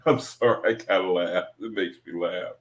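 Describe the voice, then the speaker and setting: A man's voice: sits low, normal speed, reverberant. A man giving an informal Bible study talk in a loose, conversational way, often circling back and repeating himself. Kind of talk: informal scripture teaching monologue.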